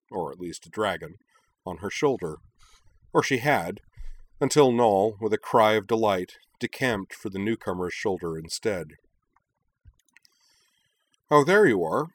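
A male narrator with a very deep voice, reading a fantasy tale in a measured, even way. The sound is dry and close, with no room around it. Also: dry recording. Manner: measured, storytelling. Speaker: audiobook narrator. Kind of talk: scripted narration.

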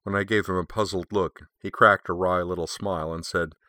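Wry first-person audiobook narrator, male, low voice with a bright edge. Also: steady tone, fairly quick, few pauses, no echo, clean studio sound.

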